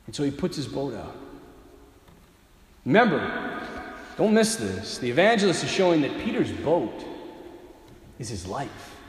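Animated preacher with a booming hall echo. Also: male voice, unhurried, long pauses. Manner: dramatic storytelling, swinging from loud to hushed. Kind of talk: sermon. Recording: echoey hall with long reverb.

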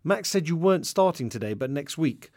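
A man voicing a young woman receptionist with a posh English accent who speaks in a clipped, quiet way. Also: sits low, lively intonation, a little fast, no room sound, clean studio sound, pitched above the performer's own voice. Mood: cool, dismissive.

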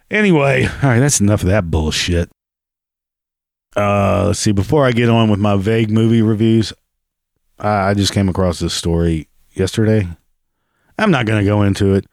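Reaction vlogger, male, low and dry, heavy sarcasm and cursing. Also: normal speed, no echo. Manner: sarcastic and profane. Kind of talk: casual reaction commentary.

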